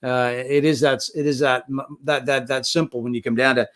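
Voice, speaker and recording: An older man hosting an interview, telling stories at length with lively enthusiasm. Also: medium pitch, brisk. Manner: rambling storyteller, enthusiastic. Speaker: interview host. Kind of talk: casual interview talk.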